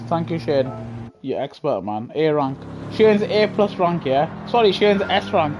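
A man's voice: medium pitch, extremely slow, long pauses, over music. A man giving slangy, chatty live commentary while streaming a racing game on a headset mic, talking to himself and to his viewers. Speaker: gaming streamer. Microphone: gaming headset.

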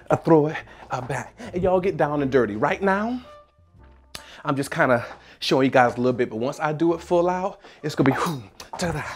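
A dance instructor from South Carolina, leading a dance tutorial by counting beats aloud and scatting rhythms, with plenty of energy. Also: mid-range voice.

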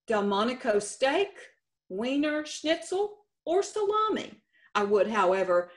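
A middle-aged woman with a Texan accent, a state contest director giving a folksy, lightly humorous conference presentation. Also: medium pitch. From Texas.

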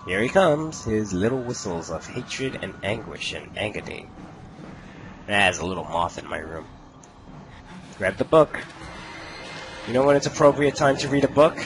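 Dude doing let's play commentary, kinda low voice, jokey and swears a lot. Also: male voice, sing-song, moderate pace, long pauses, music in the background, poor audio. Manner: joking, profane, laughs often. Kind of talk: casual gaming commentary.

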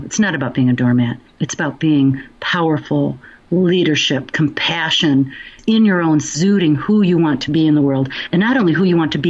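A woman guest on a podcast telling stories about forgiveness in an animated, snarky way, acting out the voices of people she quotes. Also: sits low, lo-fi sound. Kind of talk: animated storytelling interview.

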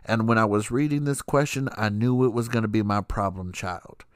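A man's voice: on the low side, moderate pace, no echo, studio quality. A young adult man hosting a podcast, telling a story in a casual, sassy and profane way, laughing often. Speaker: podcast host.

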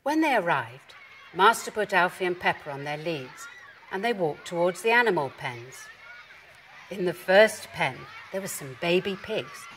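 A woman gently reading a children's story aloud. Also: on the low side, animated, measured pace, some chatter behind, slight background noise.

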